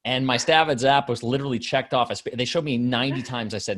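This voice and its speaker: A man's voice: medium pitch, quick pace, a little hiss or hum. A man who coaches public speaking, giving casual advice as a guest and acting out shifts in volume and pace as he explains. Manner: animated, demonstrates changes in volume and pace.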